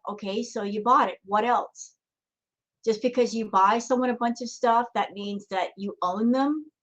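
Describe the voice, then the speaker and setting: A woman giving reaction commentary, calmly lecturing the person in the clip she is watching. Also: medium pitch, rough recording. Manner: calm, lecturing, addresses the streamer directly.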